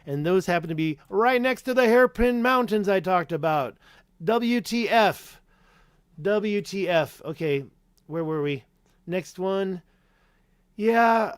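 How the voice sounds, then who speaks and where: Reading viewers' names aloud between answers, a man with a slightly high voice hosts a casual live-stream Q&A on YouTube, responding to chat. English is his first language, and he wanders from point to point, correcting himself along the way. The sound is dry and close-miked, free of room echo.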